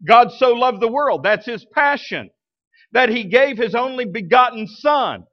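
A man's voice: very high voice, expressive, measured pace, lo-fi sound. A male pastor preaching a sermon in a conversational way, asking his congregation rhetorical questions. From United States. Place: church.

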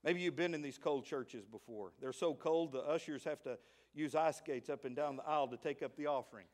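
This pastor's voice is a little high and a little fast, with a Southern US accent. In his lively sermon he dips into soft asides and jokes before surging into shouted praise.

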